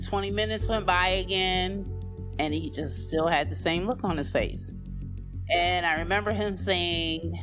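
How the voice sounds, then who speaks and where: Woman telling her story over soft music. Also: measured pace. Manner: conversational, many "you know" and "like" fillers; acts out quoted voices with sharp rises in pitch. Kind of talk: personal storytelling.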